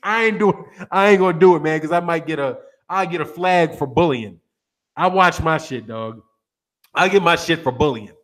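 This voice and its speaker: High-voiced man chatting loosely. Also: moderate pace, a bit bright. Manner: loose and slangy, laughs often. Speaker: boxing channel host. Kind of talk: casual chat.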